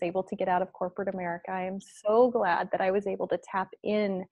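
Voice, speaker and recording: A woman's voice: mid-range voice, level tone, fast talker, few pauses, a little mellow, no echo. Effusive woman spiritual coach, dry sound. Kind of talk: casual video interview.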